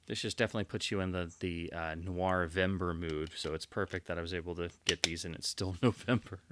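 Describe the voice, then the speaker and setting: A man giving casual unboxing commentary as a collector, enthusiastic and quick to heap on superlatives. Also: sits low, fairly even intonation, fairly bright tone, a little hiss or hum. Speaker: collector presenting his purchases.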